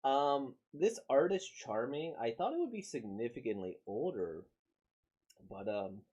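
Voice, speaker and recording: A man's voice: medium pitch, big pitch swings, unhurried, darkish tone, breathy edge, highs cut off. A man casually reacting to a comic he is reading aloud, rambling with many fillers.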